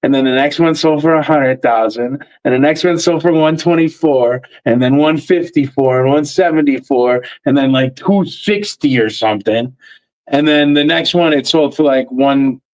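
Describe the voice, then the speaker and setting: A man's voice: a little high, normal speed, rough recording. A man with a mixed Northeastern US and Tennessee accent, telling stories in a casual livestream chat. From New York and Connecticut, US. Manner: laid-back storyteller, laughs often. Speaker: convention creator, guest.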